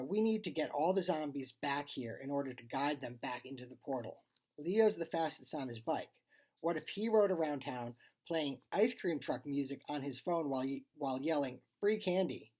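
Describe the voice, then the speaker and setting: A reader voicing a clever boy calmly explaining his plan in a storybook reading. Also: medium pitch, normal speed, husky, lightly acted. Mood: scheming.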